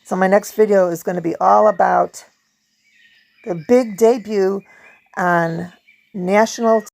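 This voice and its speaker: A woman hosting a casual vlog, chatting warmly about pictures and reading from a book, laughing now and then. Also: medium pitch, steady tone, unhurried, creaky. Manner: chatty, laughs often, hums song snippets. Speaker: video host; performer.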